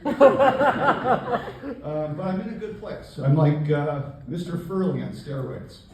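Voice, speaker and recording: An older man performing a stand-up comedy set on a club stage, with a deadpan, self-mocking delivery. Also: a little high, a little slow, a little hiss or hum. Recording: echoey live club, distant mic. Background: audience laughter.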